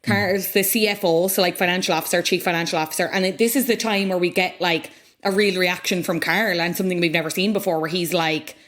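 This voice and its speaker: A woman, co-hosting a podcast and recapping a show in an animated, jokey way. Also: on the low side, a little fast, few pauses. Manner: animated, jokey, self-deprecating. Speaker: podcast co-host. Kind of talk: casual recap chat.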